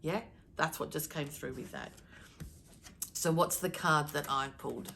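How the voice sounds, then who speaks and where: A middle-aged woman with a slightly low voice gives a channeled daily message, reading cards for her viewers. She talks in an emphatic, animated way and switches her tone on purpose to stir them up. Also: vocal fry, a little hiss or hum. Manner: emphatic, animated, deliberately shifting tone. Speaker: spiritual card reader.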